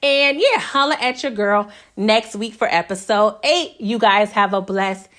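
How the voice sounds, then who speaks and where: A woman giving a casual, animated recap of a TV episode, laughing often and checking in with her viewers. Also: medium pitch, measured pace. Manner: animated, laughs often, keeps asking "okay?". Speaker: recap vlogger.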